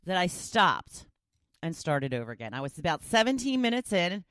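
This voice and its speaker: A woman's voice: sits low, big pitch swings, normal speed, no room sound, clean studio sound. A woman hosting a daily talk podcast, chatting casually and poking fun at herself. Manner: chatty, self-deprecating, rambling with restarts. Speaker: talk show host.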